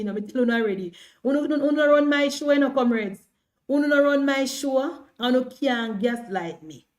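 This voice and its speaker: A woman's voice: mid-range voice, darkish tone. A woman speaking in Jamaican Patois, hosting a casual political livestream, defiant and repetitive as she addresses her viewers.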